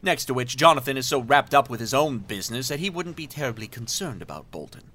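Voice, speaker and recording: A man's voice: mid-range voice, expressive, fast, bright, forceful tone, a little hiss or hum. An actor playing a pompous, self-serving male villain who talks in florid, mannered speech and laughs theatrically in an audio drama. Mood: scheming.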